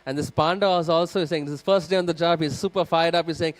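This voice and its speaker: Speaking quickly with few pauses and a fairly high voice, a man teaches scripture in a temple hall. He tells an animated story straight to his audience, playing out each character in sermon storytelling fashion.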